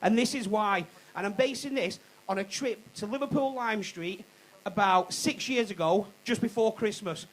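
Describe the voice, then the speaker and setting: A man's voice: high voice, moderate pace, rough recording. A man doing a cheeky stand-up comedy routine on a comedy club stage, swearing and laughing at his own jokes.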